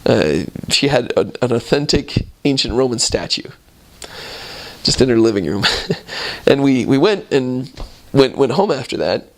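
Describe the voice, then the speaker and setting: A man in his thirties recounts his missionary days in an animated storytelling talk. His pitch rises and falls widely as he goes. He slips into the voices of the people he met. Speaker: returned missionary.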